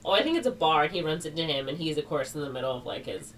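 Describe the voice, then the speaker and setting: A woman with a low voice rambles through a casual retelling and fills it with "like" and "or whatever". She sits a little back from the mic, and a faint hiss of noise stays under her voice. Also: expressive, rapid-fire, far from the mic. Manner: rambling, heavy on fillers like "like" and "or whatever". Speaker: podcast co-host.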